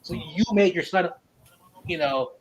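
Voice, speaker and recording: A man hosting a casual chat, telling stories in an animated, profane way and laughing often. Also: fairly high pitch, unhurried, crowd noise, rough recording. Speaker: podcast host.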